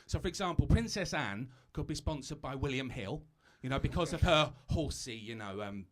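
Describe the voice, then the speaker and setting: A man's voice: medium pitch, lively intonation, moderate pace, fairly bright tone. A British man doing a stand-up comedy set on a live stage, chatty and self-mocking, stumbling over asides.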